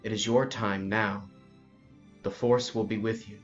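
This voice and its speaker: A man voicing a calm, graceful robed woman warrior who speaks in a measured way, on a lo-fi recording with faint music. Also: lowish voice, natural voice. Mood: solemn.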